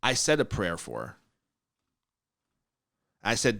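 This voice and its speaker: A podcast host tells a story in a blunt, animated way, with his pitch swinging up and down. His voice is dry and close to the mic, with no room sound. He acts out quotes and laughs easily. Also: slow pace, creaky, long pauses, dry recording. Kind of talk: casual storytelling.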